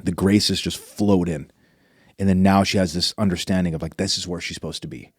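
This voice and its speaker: A man with a low voice tells a deeply personal story in an interview. He is earnest and emotional and keeps restarting his sentences. The recording is close and dry. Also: steady tone, fairly quick, slightly rough, no echo. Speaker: interview guest.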